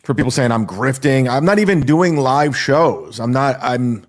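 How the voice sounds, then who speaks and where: A man's voice: medium pitch, lively intonation, moderate pace, few pauses. A stand-up comedian man in a casual monologue, boastful and defensive, swearing freely. His voice sits in an ordinary middle range for a man.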